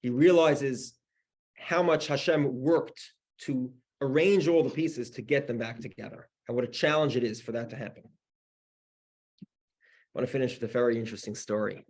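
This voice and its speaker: A rabbi with a mid-range, somewhat dark voice teaches a class through a story, speaking at a normal pace. His delivery is conversational, full of restarts and "you know."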